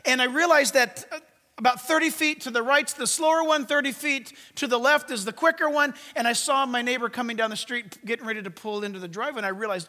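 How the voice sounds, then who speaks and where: A man preaching a sermon, swinging from loud commands to hushed asides. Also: extremely high pitch, quick pace, big-room sound. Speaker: pastor.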